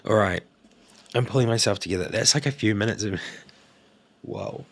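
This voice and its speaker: A man's voice: lowish voice, expressive, moderate pace, vocal fry. A man doing a casual oracle card reading to camera, emotional, laughing and sighing as he goes. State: emotional, coughing. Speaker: tarot card reader.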